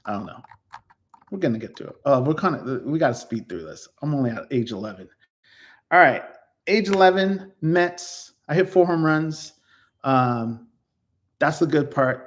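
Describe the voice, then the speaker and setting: Man, 50s, mid-pitched, casual rambling storyteller with lots of ums and restarts. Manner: rambling, self-correcting, many ums. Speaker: YouTuber reflecting on his life.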